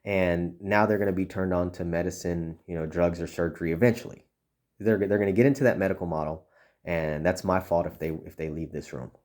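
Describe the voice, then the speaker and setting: A man's voice: sits low, fairly even intonation, fairly quick, darkish tone. A man talking casually and earnestly to fellow chiropractors, coaching them, often restarting and saying "you know". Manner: earnest, repeats words, many "you know" fillers. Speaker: chiropractic consultant.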